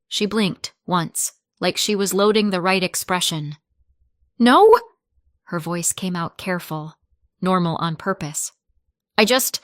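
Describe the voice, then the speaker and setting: A woman narrating a scripted first-person family story in a measured, soft-spoken way. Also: fairly low pitch, no echo, clean studio sound.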